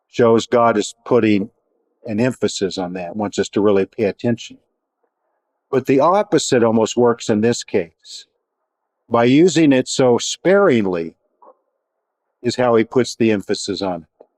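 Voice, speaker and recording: Measured man teaching a Bible study. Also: medium pitch, darkish tone, no room sound. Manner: measured, reflective teaching with pauses and restarts.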